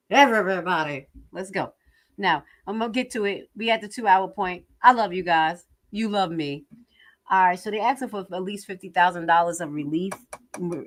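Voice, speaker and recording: A woman giving casual livestream commentary, blunt and profane with animated asides. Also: on the low side.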